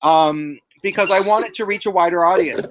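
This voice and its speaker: A male streamer hosts a loose chat in a hesitant, halting way, often restarting his sentences. His voice sits fairly high. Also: poor audio. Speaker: streamer host. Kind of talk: casual chat.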